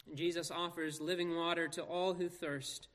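A man preaching in an earnest, measured way, leaning on slow pauses for emphasis. His voice sits a little higher than most men's. The words ring out with the long reverb of a big church hall. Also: flat delivery, fairly bright tone. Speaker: pastor. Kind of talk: scripture reading and sermon.

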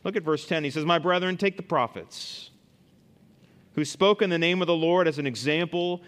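A middle-aged male pastor preaching a sermon, animated, rising loud for emphasis and acting out scoffing listeners. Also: fairly high pitch, moderate pace.

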